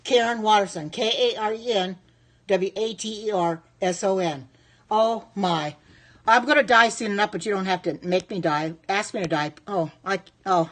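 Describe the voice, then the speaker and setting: A woman in her sixties hosts her own cooking live stream, chatting easily with viewers and answering their comments aloud. She speaks at an ordinary middle pitch, devout and thankful in manner. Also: moderate pace, fairly bright tone. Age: 60s. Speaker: home cook live-streaming.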